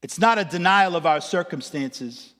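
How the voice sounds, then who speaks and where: Male pastor, lively comic storyteller with a slightly high voice, recorded in a reverberant church hall. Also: normal speed. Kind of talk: sermon with personal storytelling. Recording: echoey hall.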